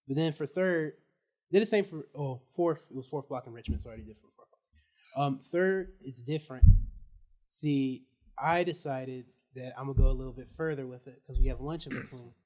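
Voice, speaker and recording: A male student on a casual podcast, telling an animated story and laughing as he goes. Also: medium pitch. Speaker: student guest.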